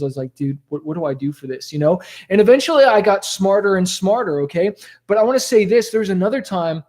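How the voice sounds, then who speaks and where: A man, a rap rock musician, telling stories from his past in a motivational talk to camera, animated and conversational, full of "like" and "okay?". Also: high voice.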